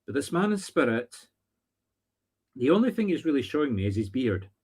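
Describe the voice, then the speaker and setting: A man's voice: mid-range voice, sing-song, moderate pace, a little mellow, slightly rough. A man with a Scottish accent giving live-streamed psychic readings, chatty and thinking aloud with teasing asides. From Scotland. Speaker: spiritual medium.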